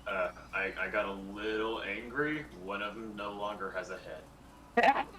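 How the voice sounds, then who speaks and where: A man's voice: lowish voice, animated, moderate pace, pushed and bright. A man playing in a voice-chat tabletop game, talking in an offhand, casual way. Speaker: player. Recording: echoey room with background noise.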